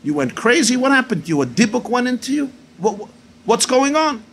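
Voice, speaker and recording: A man's voice: very high-pitched, very animated, fairly quick, fairly bright tone, a little hiss or hum, exaggerated voice. A man voicing a grown daughter, a nurse, who scolds her father firmly and takes charge. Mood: scolding.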